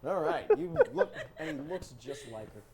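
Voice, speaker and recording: A man's voice: a little high, moderate pace, creaky, a crowd in the background. A man hosting a live improv comedy show, joking and laughing as he sets up the games. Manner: joking, animated, laughing often.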